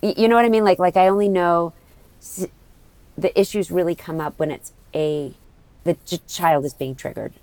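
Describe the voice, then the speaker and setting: A woman's voice: lowish voice, normal speed, darkish tone, dry recording. A middle-aged woman from the United States, talking candidly as a guest in an interview, rambling with many restarts.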